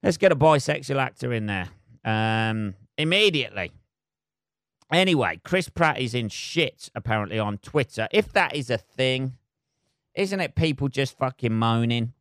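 Comedian rambling on his podcast, swears loads, smooth voice, dry close mic. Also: medium pitch, expressive, normal speed, fairly bright tone, dry recording. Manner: swears constantly, loose and rambling. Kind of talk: rambling solo podcast chat.

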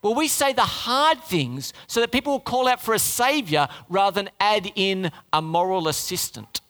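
A man preaching a sermon in an animated, joking manner, asking the audience questions. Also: sits high, normal speed, in a large hall.

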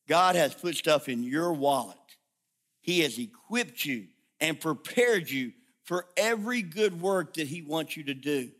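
A middle-aged male pastor delivers his sermon in a bright, ringing voice pitched a little high. He tells stories with animated humor and quick asides.

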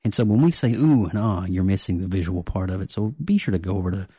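A man hosting a casual pop-culture podcast, talking excitedly with lots of restarts and jokes. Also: deep voice, fast talker, husky, no room sound, studio quality. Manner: excitable, joking, many restarts. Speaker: podcast host.

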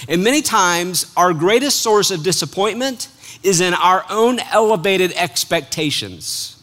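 A man preaching a sermon, reading scripture aloud and explaining it in an animated, conversational way, joking with his congregation. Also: high voice, measured pace.

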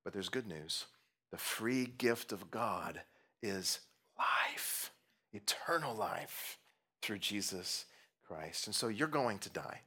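A middle-aged man preaching a sermon as pastor, earnest and emphatic, slowing down and dropping to near-whispers on key phrases, with light humorous asides. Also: fairly low pitch, lively intonation, sharp tone, husky.

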